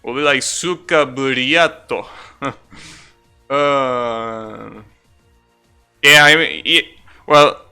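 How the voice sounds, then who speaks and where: A man's voice: mid-range voice, fairly even intonation, very slow, vocal fry, pauses often, pushed and bright, smooth, faint music behind. A young man live-streaming a game, chatting casually with viewers in a rambling, self-correcting way, swearing now and then.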